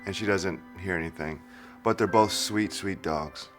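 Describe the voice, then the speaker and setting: A man who owns two rescue dogs, talking about them in a friendly, relaxed documentary interview. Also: sits low, moderate pace, faint music behind. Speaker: dog owner.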